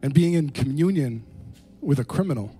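Conversational man preaching, mellow voice. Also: fairly high pitch, lively intonation, moderate pace, breathy edge, faint music behind. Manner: conversational, with frequent "you know" and "um"; chuckles between points. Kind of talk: sermon. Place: room with a gathered congregation.

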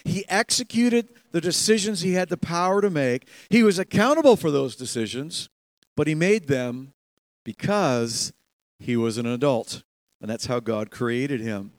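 A man preaching a sermon in a church, animated, laughing often and acting out quoted voices. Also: fairly high pitch, a little slow, dry recording. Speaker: pastor.

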